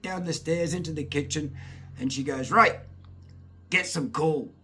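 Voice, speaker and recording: A middle-aged Scottish man telling childhood stories in a casual, lively way, acting out voices and swearing now and then. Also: fairly high pitch, moderate pace, breathy edge. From Scotland. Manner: lively, laughing, swears, acts out voices and sounds. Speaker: storyteller. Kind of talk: casual anecdotal storytelling.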